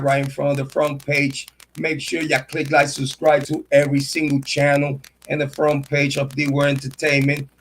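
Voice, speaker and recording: A man with a high-pitched voice talks on a casual livestream in a boastful, swaggering way, full of street slang. A faint hiss sits under his voice. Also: a bit bright, poor audio. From Puerto Rico. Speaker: true crime and sports commentary host.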